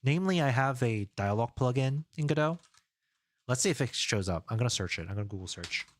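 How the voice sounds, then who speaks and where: A man streaming live as a game developer, thinking aloud in a relaxed, rambling way as he works and chats. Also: mid-range voice, fast, a little hiss or hum. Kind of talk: casual live-coding stream.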